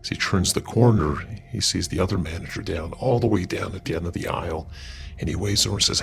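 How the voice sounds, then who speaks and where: Deep-voiced man telling a spooky story. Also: quick pace, creaky, soft background music. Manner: loose and conversational, with fillers and restarts. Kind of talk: casual paranormal story narration.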